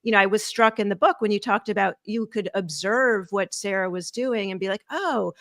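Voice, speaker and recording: A woman's voice: medium pitch, fairly even intonation, a bit bright, no room sound. Casting: woman from Boston, interview host, chatty and joking, dry close sound. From Boston, USA. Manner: chatty, self-deprecating, quick asides. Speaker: podcast host and coach. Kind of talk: live interview conversation.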